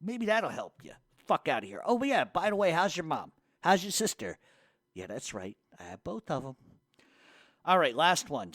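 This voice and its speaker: A man's voice: on the high side, fairly bright tone, no room sound. A man hosting a radio show, reading hate mail aloud and firing back with profane, mocking insults.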